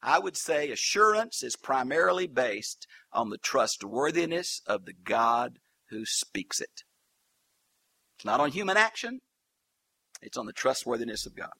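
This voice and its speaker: A man's voice: a little high, bright, forceful tone. A man preaching a Bible teaching sermon, folksy and humorous with colloquial asides.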